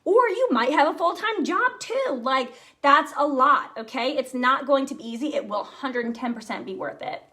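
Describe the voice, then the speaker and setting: A woman sales team director giving an energetic, chatty motivational talk, speaking straight to her listeners. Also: high-pitched, normal speed, few pauses.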